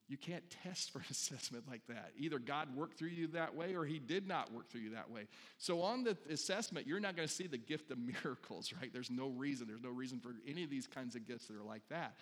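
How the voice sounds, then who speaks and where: Conversational male pastor in a reverberant hall. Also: mid-range voice. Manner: conversational, asks the congregation questions, acts out little voices. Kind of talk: sermon.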